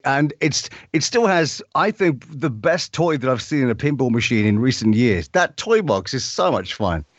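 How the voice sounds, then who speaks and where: A man's voice: medium pitch, expressive, normal speed, few pauses, no room sound. A man, a voice actor, chatting casually as a guest and often breaking off and restarting his sentences, heard over a dull lo-fi remote line. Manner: chatty, self-interrupting. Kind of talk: casual chat.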